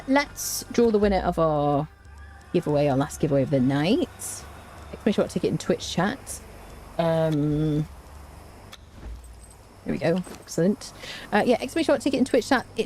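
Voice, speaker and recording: A young woman talks casually to her chat while playing, her pitch bouncing up and down in a lively, animated way. She is playful and slangy and laughs easily. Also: slight background noise. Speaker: streamer. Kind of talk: casual live-stream chat while gaming.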